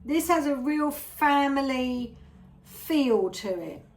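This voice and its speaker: A woman's voice: sits high, lively intonation, takes it slowly. A woman giving a casual tarot reading to her viewers, chatty and rambling, often drifting into little asides. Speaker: tarot reader.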